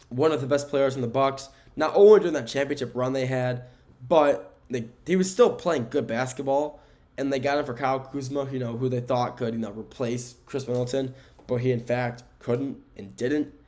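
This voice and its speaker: A man's voice: medium pitch, a little mellow. Casual rambling man on a sports podcast. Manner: casual, rambling, with self-corrections and fillers. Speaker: podcast host. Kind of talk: solo sports podcast talk. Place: indoor room with window blinds.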